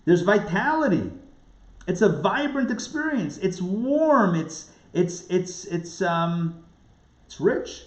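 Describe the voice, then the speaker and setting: Animated male rabbi teaching a class. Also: high-pitched, slow pace. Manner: animated, asks rhetorical questions, acts out quoted voices. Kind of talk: lively lecture. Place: recorded live class. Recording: roomy, dull lo-fi sound.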